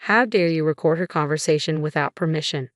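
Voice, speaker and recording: A woman's voice: low-pitched, a little fast, no echo, clean studio sound, lightly acted. A woman voicing a fierce middle-aged mother who makes demands.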